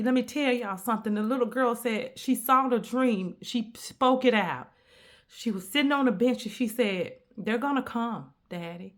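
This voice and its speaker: A woman delivers an inspirational message in a preacher's rolling cadence. Her voice sits a little high, and she hammers each point home by repeating it. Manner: emphatic, repetitive, preacher-like cadence. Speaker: spiritual content creator.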